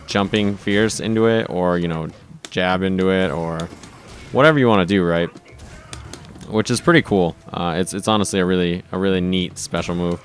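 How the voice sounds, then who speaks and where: Man, lowish voice, relaxed gameplay commentary, chatty tutorial delivery. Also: smooth. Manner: casual, enthusiastic, frequent "right?" and restarts. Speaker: fighting game video host.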